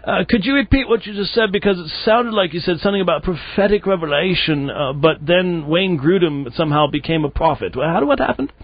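A man's voice: high-pitched, expressive, fast talker, few pauses, lo-fi sound. A man hosting a call-in radio show, pressing a caller with argumentative questions.

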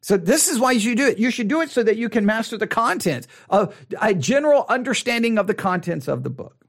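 Man, Bible study teacher, high voice, swooping intonation, casual and playful. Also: brisk. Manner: animated, repeats phrases for emphasis, playful asides.

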